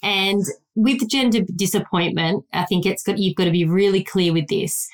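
A woman co-hosting a parenting podcast, speaking frankly and earnestly in casual chat. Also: fairly low pitch. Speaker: podcast co-host, guest's wife.

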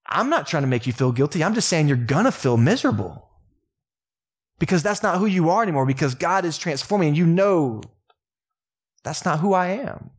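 A young adult man with a Texan accent, preaching a sermon as pastor in a relaxed, joking, conversational way. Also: fairly high pitch, brisk, husky. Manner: casual, joking, conversational preaching with laughs and asides. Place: church sanctuary.

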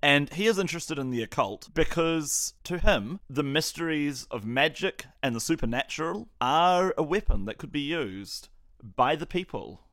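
Measured man, dry close mic. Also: fairly high pitch, animated, fairly bright tone, no room sound. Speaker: player and game designer. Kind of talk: casual tabletop chat.

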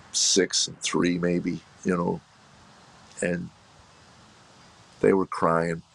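Gravelly low-voiced middle-aged man. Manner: earnest, reflective, halting with restarts. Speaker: comedian guest. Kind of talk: candid personal storytelling.

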